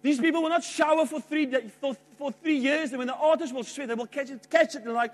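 Man, very high pitch, preaching a sermon, emphatic swings between loud and hushed, faint mains hum. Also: fast talker, few pauses. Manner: emphatic, swings from loud outbursts to quiet asides. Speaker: pastor.

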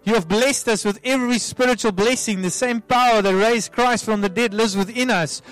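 A man as a pastor leading an altar call prayer, soft and pleading, repeating himself with many restarts. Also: high voice, moderate pace. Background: soft music.

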